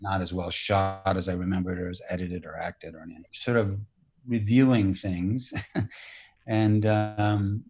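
Low-voiced man telling anecdotes. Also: little pitch movement, unhurried, a little mellow. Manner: storytelling, acts out quoted dialogue, mild profanity. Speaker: actor and director, guest. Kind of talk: relaxed anecdotal interview talk.

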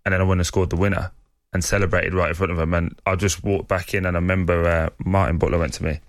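A man's voice: sits low, level tone, fast talker, no echo, studio quality. An English man in his young adulthood, a footballer guest telling laddish stories with playful banter. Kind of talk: casual chat.

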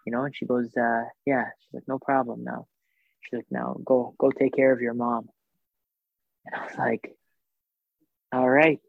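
A man casually recounting a personal story, acting out the dialogue in an animated way and using plenty of fillers. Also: mid-range voice, unhurried, creaky, pauses often, dry recording. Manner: animated retelling with reported dialogue, many fillers. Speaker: guest telling a personal story. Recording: thin phone-like dry sound.

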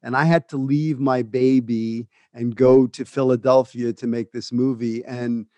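A man's voice: medium pitch, fairly even intonation, a little slow, dark tone, no echo. A man, an actor, reflecting earnestly in an interview about playing a difficult role. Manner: thoughtful, earnest, laughs lightly. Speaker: actor guest.

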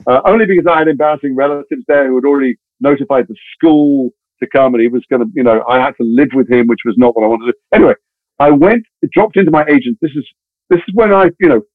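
A middle-aged actor telling anecdotes as a guest, chatty, with many restarts and wry asides. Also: male voice, medium pitch, quick pace, no room sound. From England. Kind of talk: anecdotal interview storytelling. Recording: tinny phone-like dry sound.

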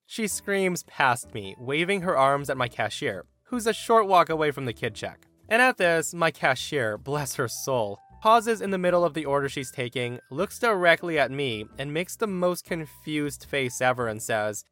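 A man narrating a Reddit story aloud in an animated, expressive way. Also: on the high side, moderate pace, soft background music.

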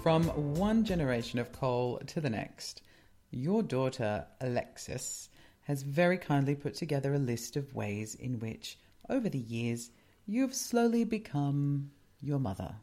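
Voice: mid-range voice, very animated, a little slow, mellow, soft background music. A podcast co-host chatting casually, teasing their partner with dry quips and laughing along. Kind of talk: casual chat.

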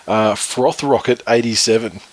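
A husky-voiced Australian man trades banter on a podcast, reading out listener messages. He swears freely, laughs often and restarts his sentences as he rambles along. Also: mid-range voice, moderate pace, poor audio. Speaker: podcast co-host.

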